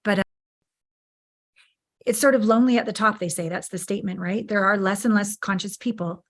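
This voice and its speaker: A woman's voice: medium pitch, fairly quick. A woman in her fifties, an intimacy coach speaking as a podcast guest, frank and emphatic, swearing freely as she tells her story. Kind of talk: candid podcast interview.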